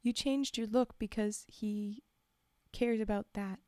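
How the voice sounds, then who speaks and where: Mellow-voiced woman reading a story. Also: medium pitch, fairly even intonation, unhurried, dry recording. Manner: reads aloud, breaks off to chat with viewers, sometimes whispers. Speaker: streamer reading stories. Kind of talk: casual read-aloud storytelling.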